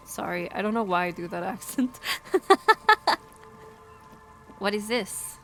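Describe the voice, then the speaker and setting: A woman's voice: medium pitch, takes it slowly, creaky, pauses often, soft background music. A woman streaming a video game, chatting casually, giggling often and swearing freely.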